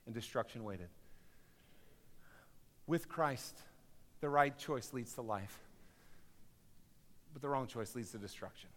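A man preaching a sermon as pastor of his church, swinging from loud, driving appeals to quiet, hushed storytelling. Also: medium pitch, slow pace, long pauses. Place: church sanctuary. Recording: reverberant church hall.

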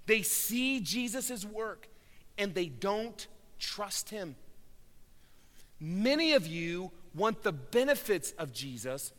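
Man, pastor, sermon, higher voice, slow delivery, swells and drops, long church reverb. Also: big pitch swings. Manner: earnest preaching, swells loud on key words then drops low.

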